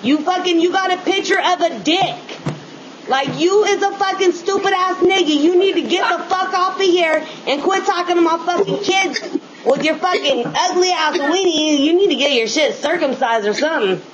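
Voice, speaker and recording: Very high-pitched woman, scolding and profane. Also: normal speed. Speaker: mother. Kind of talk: video call rant. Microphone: webcam mic on a video call. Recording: muffled noisy video chat audio.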